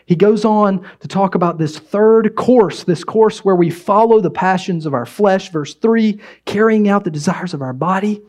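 A man's voice: high-pitched, moderate pace, few pauses, a little mellow. A man preaching a sermon in a conversational, humorous way, telling stories and asking the audience questions. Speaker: pastor.

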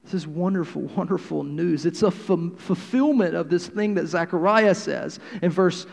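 Brief: thirties male pastor, slightly high voice, joking sermon delivery, long hall reverb. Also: moderate pace, creaky. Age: 30s. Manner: conversational and humorous, swings between loud and quiet.

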